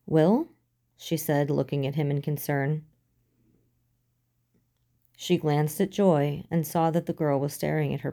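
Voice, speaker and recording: A woman reading a story aloud in a steady, even storytelling manner, as an audiobook. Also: low-pitched. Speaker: narrator. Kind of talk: audiobook reading of fan fiction.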